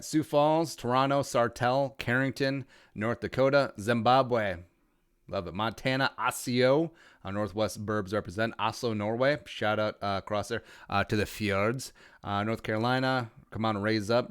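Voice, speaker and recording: A laid-back man hosts a casual livestream, reading shout-outs with wry little jokes. His voice sits fairly low and sounds smooth and clear. The recording is dry and close, with no room around it. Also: moderate pace, dry recording. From Minnesota. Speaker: podcast host.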